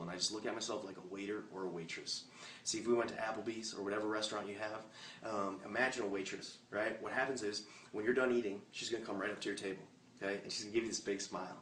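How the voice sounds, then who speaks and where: Man, low voice, rapid-fire motivational pitch, joking and fired up, echoey room heard from a distant mic. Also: steady tone, fairly bright tone, slight background noise. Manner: punchy, joking, fired-up delivery. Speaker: network marketing presenter. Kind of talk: motivational recruiting talk. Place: meeting room with a live audience.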